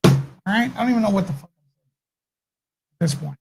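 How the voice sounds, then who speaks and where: A man's voice: high-pitched, expressive, brisk, gravelly, very noisy. A man hosts a live commentary stream and rants to his viewers. He curses freely, trips over his own restarts, and keeps circling back to the same point. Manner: heated, profane, rambling with restarts.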